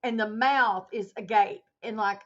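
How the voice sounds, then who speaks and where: A woman's voice: mid-range voice, unhurried. Chatty woman livestreaming, muffled lo-fi sound. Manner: animated storyteller, reads chat aloud. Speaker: livestream host. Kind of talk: casual livestream chat. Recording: muffled lo-fi stream audio.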